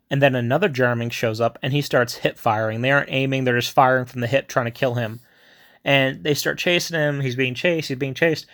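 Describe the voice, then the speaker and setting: A man's voice: mid-range voice, a bit bright. A man casually retelling a film plot in a rambling way, with many fillers and asides.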